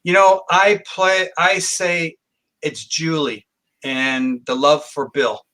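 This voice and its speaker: A man's voice: a little high, steady tone, slow pace, pushed and bright. A man telling a long personal story as a guest in a podcast interview, acting out quoted dialogue. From Canada. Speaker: guest psychic.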